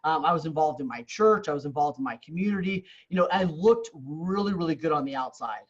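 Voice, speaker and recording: A man's voice: on the high side, animated, brisk, dull audio. A man who grew up in Canada, telling his story as a podcast guest in an earnest, candid way, often repeating words as he restarts. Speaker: real estate coach, podcast guest.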